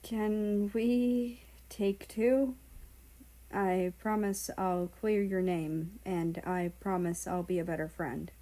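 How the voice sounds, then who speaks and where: A soft, steady young man's voice, as a woman reads him, gentle but firm. He talks slowly and reassures. The tone is low and mellow. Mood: tender. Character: tall gentle remorseful young man.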